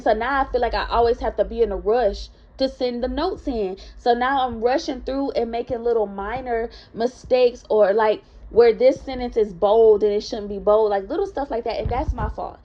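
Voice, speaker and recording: A woman's voice: a little high, normal speed, few pauses, dark tone. A woman telling a story from her own life in a casual vlog, chatty and candid, talking straight to her viewers. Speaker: vlogger. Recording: dull lo-fi recording.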